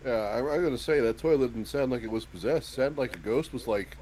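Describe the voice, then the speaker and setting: A man's voice: medium pitch, quick pace, darkish tone. Man cracking dry jokes, faint noise. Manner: dry wisecracks. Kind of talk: casual group chat.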